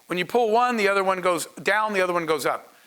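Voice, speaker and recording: A man's voice: high-pitched, lively intonation, fast, pushed and bright, smooth. A man, a startup founder, telling a story to an audience in an earnest, conversational way with asides to the crowd. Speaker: startup founder speaking on a panel.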